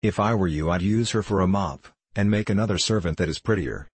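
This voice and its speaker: A man doing a vain glass cat from a storybook, she-cat, haughty and scornful, talking down to everyone in a low, husky voice. Dry, close sound. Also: brisk, no room sound.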